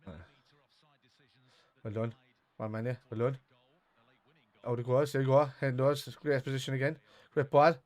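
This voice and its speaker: A man co-hosting a football watch-along, calling out excited reactions to the play and swearing freely. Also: mid-range voice, moderate pace, long pauses. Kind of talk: live match watch-along chat.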